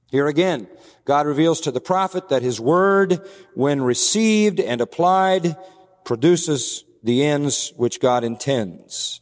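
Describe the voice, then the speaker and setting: A man preaching a sermon in a measured, deliberate way, slowing down for emphatic phrases and reading scripture aloud. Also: a little high, lively intonation. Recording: long hall reverb.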